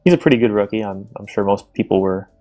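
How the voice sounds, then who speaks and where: A man, a team captain in an online league draft, chatting casually on a stream in a relaxed, halting way. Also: on the low side, faint music behind. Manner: relaxed, halting, restarts phrases, laughs often.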